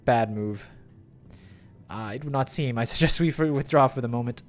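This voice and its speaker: A man's voice: mid-range voice, moderate pace, natural voice. A man voicing an earnest young male scholar from a game, speaking formally and politely. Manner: formal, polite read-aloud.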